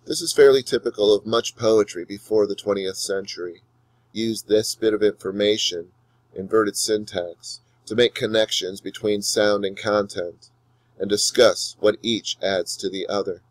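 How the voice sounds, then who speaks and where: A man with a lowish voice gives a recorded lecture on poetry, explaining meter in a measured, explanatory way. When he reads the verse he slows right down and lingers on each line. The sound is dry and close, with no room echo. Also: fairly even intonation. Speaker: English teacher.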